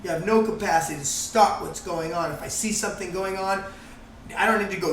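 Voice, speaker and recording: Guy with a high voice, animated, swears a lot, sounds far from the mic w/ faint hiss. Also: fairly quick, echoey room. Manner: animated, swears freely, acts out quoted voices. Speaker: guest, course founder. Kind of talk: casual group conversation.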